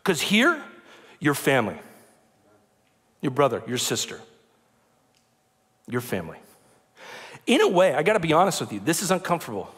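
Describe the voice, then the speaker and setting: A man's voice: fairly high pitch, normal speed, pauses often. A man preaching a sermon in a church, joking and chatty as he explains scripture. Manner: lively, joking, conversational preaching. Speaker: pastor. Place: church sanctuary. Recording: long reverb of a large church hall.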